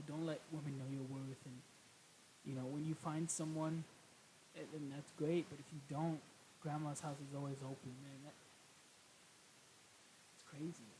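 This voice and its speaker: A man's voice: a little high, steady tone, moderate pace, pauses often, mellow, rough recording. Emotional man reacting, hissy mic. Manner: emotional, exclaiming, swears casually. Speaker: music reaction host. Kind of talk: casual reaction commentary.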